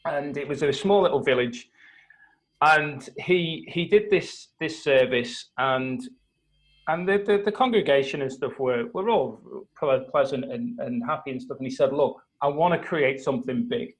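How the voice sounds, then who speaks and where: A man's voice: medium pitch, moderate pace, rough recording. Man telling a story. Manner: animated retelling with acted quotes. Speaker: host of a mastermind call. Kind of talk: casual storytelling on a live call. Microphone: video call.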